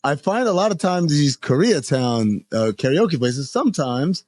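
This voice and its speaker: A man co-hosting a podcast, telling a story in a casual chat and jumping into high, excited voices when he quotes people. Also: normal speed, no room sound. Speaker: podcast co-host.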